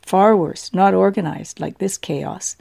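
A woman's voice: on the low side, unhurried, vocal fry, mellow, breathy edge, exaggerated voice. A woman voicing an overworked, earnest man. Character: tired overworked middle-aged man, earnest.

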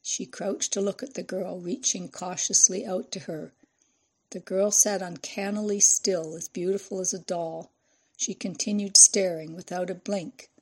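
A woman reading a novel aloud in measured, expressive scripted narration. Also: lowish voice, breathy edge. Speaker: audiobook narrator.

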